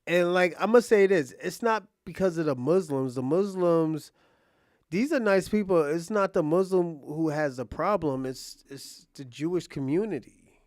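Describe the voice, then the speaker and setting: A young man casually commenting on an interview clip, rambling and thinking out loud with many restarts. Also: on the high side, normal speed, dry recording, clean studio sound. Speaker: reaction streamer.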